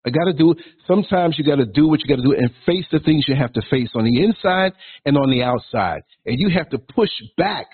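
A man's voice: a little high, animated, brisk, husky. A man in his sixties hosting a podcast, delivering a blunt, provocative, preachy rant. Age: 60s. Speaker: podcast host. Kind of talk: ranting monologue. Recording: tinny phone-like line.

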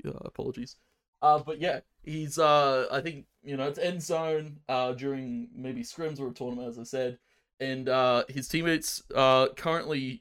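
A man's voice: on the high side, fairly bright tone. A man co-hosting an esports podcast, hesitant and full of restarts. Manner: hesitant, lots of restarts and fillers. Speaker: podcast co-host. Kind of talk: casual esports podcast chat.

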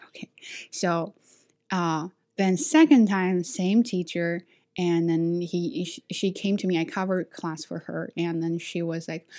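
This ESL teacher, a Chinese woman with a Chinese accent, runs a solo podcast where she talks frankly and with energy, laughing occasionally mid-story. Her voice sits fairly low, mellow, with fairly even intonation and a normal pace.

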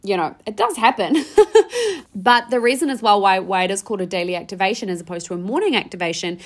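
A woman's voice: medium pitch, quick pace. Hyped young woman podcaster. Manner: hyped, slangy, swears casually. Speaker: podcast host and mindset coach. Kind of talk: energetic podcast monologue.

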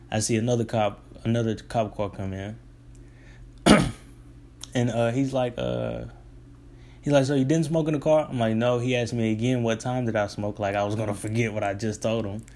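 A young man, casually telling a long rambling story about his delivery job. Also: medium pitch. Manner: rambling, restarts, relaxed colloquial. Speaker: delivery driver.

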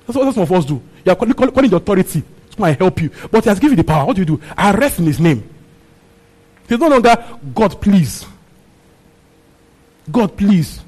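A man's voice: high voice, big pitch swings, rapid-fire, a little mellow, low-quality recording. A man preaching a sermon, repeating his phrases and asking the congregation questions. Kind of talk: sermon teaching on a Bible passage.

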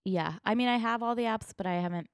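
A woman's voice: fairly high pitch, fast, clean tone, no room sound. A young woman co-hosting a podcast, making dry, self-deprecating jokes in casual chat. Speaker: podcast co-host.

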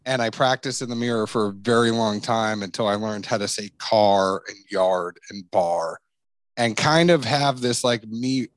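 A man's voice: mid-range voice, normal speed, few pauses, fairly bright tone, no echo. Chatty man with a mixed accent. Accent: mixed, faint Massachusetts trace. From Massachusetts. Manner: chatty storyteller, self-deprecating humor. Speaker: podcast guest, bourbon content creator. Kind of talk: casual interview chat.

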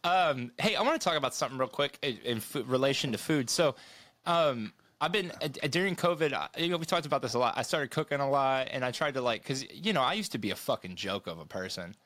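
A man's voice: mid-range voice, expressive, fast talker, a bit bright. A young man co-hosting a podcast, chatting casually, laughing often and rambling with plenty of swearing. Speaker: podcast co-host. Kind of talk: casual chat.

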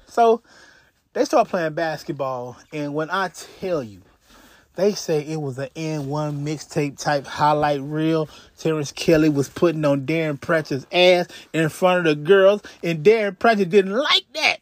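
A man's voice: sits high, expressive, measured pace, no room sound, studio quality. A man hosting a podcast who tells a crime story in a casual way, profane and slangy, often stalling and repeating himself. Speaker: podcast host.

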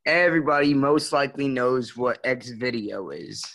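A male podcast guest in loose banter. He teases constantly and cracks crude jokes. His voice is mid-pitched and relaxed. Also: moderate pace, gravelly, low-quality recording. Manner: teasing, crude, joking.

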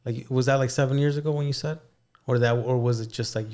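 Podcast host, a man who asks meandering, halting questions in a mid-pitched voice. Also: steady tone, a little mellow. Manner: rambling, hesitant, lots of "uh" and "like". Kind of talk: casual interview questions.

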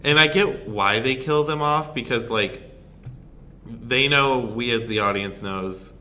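A man's voice: mid-range voice, unhurried, bright, forceful tone, a little hiss or hum. A man co-hosting a podcast in casual chat, making dry, sardonic asides. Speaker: podcast co-host.

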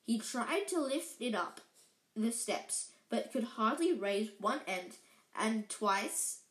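A woman reading a storybook aloud, halting and correcting herself as she goes. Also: on the high side. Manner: halting, with slips and self-corrections. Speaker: reader. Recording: echoey room.

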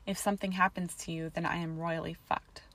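A woman's voice: lowish voice, little pitch movement, fairly quick, a bit bright, natural voice. Draco, a woman reading a bitter young wizard. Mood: strained. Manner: harsh, hissing and cynical.

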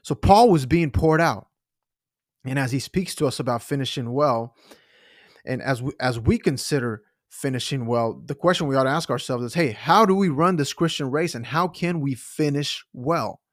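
An earnest man preaches in a podcast sermon and leans hard on his key points. His pace speeds up and slows down as he builds each idea. The sound is dry and close, with no room around it. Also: medium pitch, no room sound. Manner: earnest, emphatic, pace shifts. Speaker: pastor. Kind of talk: sermon-style podcast teaching.

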